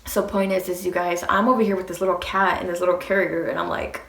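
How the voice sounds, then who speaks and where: A young woman vlogger telling a casual storytime, animated and swearing freely as she acts out what people said. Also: fairly low pitch, quick pace, vocal fry, reverberant.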